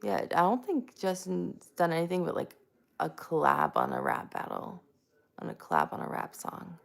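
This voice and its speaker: Woman host, casual live chat, deep with some fry, lively and giggly, greets viewers by name. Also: moderate pace. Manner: self-mocking and giggly.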